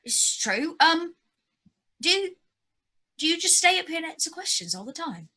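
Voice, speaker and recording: A woman's voice: extremely high pitch, sing-song, unhurried, sharp tone. Stammering, eager woman role-playing. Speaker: player. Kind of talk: in-character tabletop role-play.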